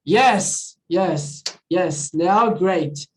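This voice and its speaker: A woman's voice: on the low side, very slow, darkish tone, low-quality recording. A woman teaching an online English class in a chatty, casual way, often checking in with her students. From not from the country where she teaches. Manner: chatty, repeats "all right, guys?" and switches into Portuguese.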